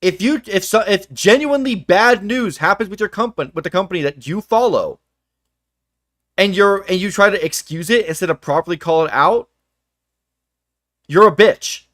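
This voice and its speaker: A young man co-hosting a livestream, ranting in casual chat with profane, animated outbursts. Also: high-pitched, moderate pace, no echo, studio quality. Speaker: livestream co-host.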